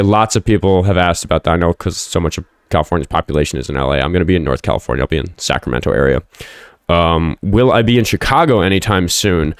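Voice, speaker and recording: A profane livestream host chats and rambles, firing back at commenters as he goes. His deep, smooth voice comes through at studio quality with no room sound.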